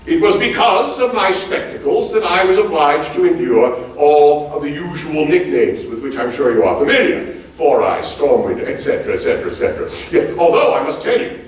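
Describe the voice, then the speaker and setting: An actor playing a hearty, bookish former president on stage, quizzing a live audience in formal, old-fashioned phrasing. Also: male voice, on the high side, fairly quick, natural voice. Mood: spirited. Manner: animated, quizzes the audience with lively questions. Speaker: historical reenactor on stage. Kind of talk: live one-man stage portrayal. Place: large auditorium stage before a live audience. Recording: very echoey hall, mic far off.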